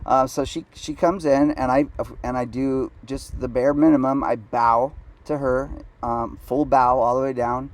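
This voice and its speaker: A man's voice: medium pitch, flat delivery, unhurried. A man telling a satirical comedic story about a date, sarcastic, self-deprecating and rambling.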